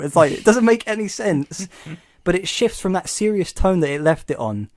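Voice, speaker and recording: A man's voice: fairly high pitch, lively intonation, fairly quick, a little mellow, no room sound, clean studio sound. A man hosting a podcast in casual chat, an enthusiastic and rambling storyteller. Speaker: podcast host.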